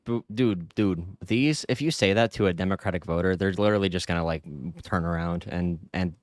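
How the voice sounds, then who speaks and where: A man's voice: low voice, fairly quick. A man giving casual political reaction commentary, rambling with lots of fillers. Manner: laid-back, rambling, frequent fillers.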